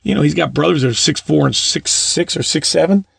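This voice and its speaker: A middle-aged man preaches in a relaxed, anecdotal way and stumbles over repeated words. His voice sits a bit high for a man and has a rough, gravelly edge. It is recorded close and dry. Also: fairly quick, no echo. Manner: warm anecdotal, repeats words, laughs at own stories. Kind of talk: casual sermon storytelling.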